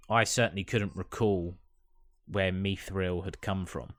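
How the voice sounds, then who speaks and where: A very deep-voiced man speaks slowly as a podcast co-host, halting and repeating himself. His voice is recorded close and dry, with no room sound. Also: a bit bright, no echo. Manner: hesitant, halting, repeats words. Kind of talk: casual review chat.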